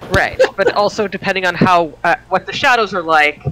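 Man, tabletop player, high voice, bright tone, tentative, thinking aloud. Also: moderate pace, low-quality recording. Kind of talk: tabletop game chat.

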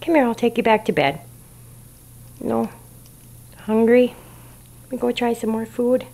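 Woman, high sing-song baby talk, slow cooing, soft whispers, mellow tone, talking to a puppy at home. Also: steady tone, gravelly. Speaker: puppy breeder filming a puppy.

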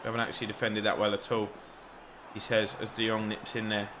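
A young man giving excitable, rambling live commentary over a football video game, shouting encouragement at the players and joking at himself. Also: fairly low pitch, quick pace, noisy background. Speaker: gaming YouTuber.

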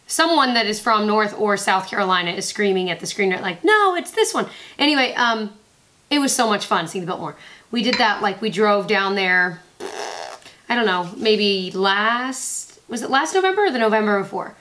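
A woman's voice: medium pitch, lively intonation, moderate pace, a bit bright. A woman in her twenties chatting in a beauty vlog, bubbly and rambling, often interrupting herself with asides. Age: 20s. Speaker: beauty vlogger. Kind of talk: chatty makeup review vlog.

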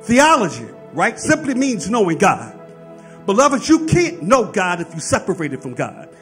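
A man's voice: high voice, wildly swooping pitch, a little slow, fairly bright tone, soft background music. A man preaching a sermon, explaining scripture and often checking in with his listeners with "right?". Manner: preaching with rising fervor, frequent "right?" asides. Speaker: pastor.

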